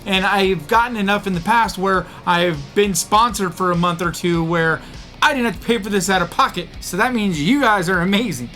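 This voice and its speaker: A host chatting casually to camera in an unboxing vlog, upbeat and quick to laugh. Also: mid-range voice, a bit bright, soft background music. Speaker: host of an unboxing video channel.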